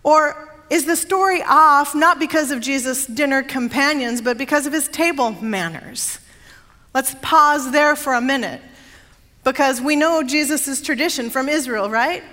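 A woman's voice: high-pitched, measured pace, bright, forceful tone. Woman preaching in a reverberant sanctuary. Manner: conversational storytelling with quoted voices and asides to the congregation. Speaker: pastor. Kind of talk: sermon. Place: church sanctuary. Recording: long reverb of a large sanctuary.

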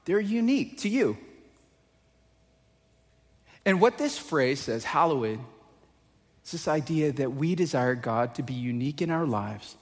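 A pastor preaching a conversational sermon, often asking the congregation questions. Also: male voice, mid-range voice, long reverb tail.

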